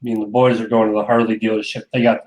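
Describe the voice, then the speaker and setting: A man in casual chat, speaking in a relaxed, offhand way. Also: fairly low pitch, very fast, slight background noise.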